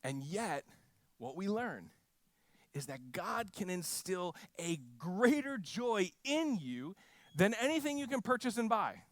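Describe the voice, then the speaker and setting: A man preaching a sermon, telling a mission story with frequent restarts and lively quoted voices. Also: sits high, slow pace, dry recording. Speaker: pastor.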